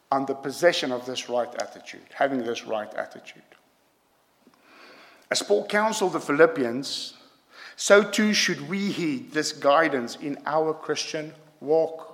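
Emphatic preacher in a reverberant hall. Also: male voice, a little high, animated, a little slow, a bit bright. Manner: emphatic, repeats "yeah?" to the congregation. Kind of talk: sermon.

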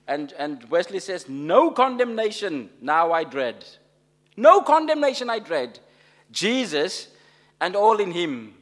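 Brief: male preacher, fairly high voice, very lively pitch, emphatic sermon delivery, long hall reverb. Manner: emphatic, rising to loud stresses, rhetorical questions.

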